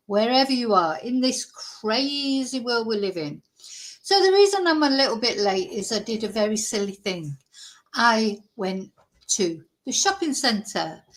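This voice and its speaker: A woman hosting a true crime channel, talking in a rambling, animated way with plenty of asides. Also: a little high. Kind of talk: casual chatty vlog.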